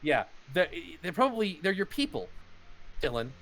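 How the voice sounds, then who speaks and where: A man narrating a tabletop game as game master, halting speech with many fillers and restarts. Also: high-pitched, big pitch swings, a bit bright.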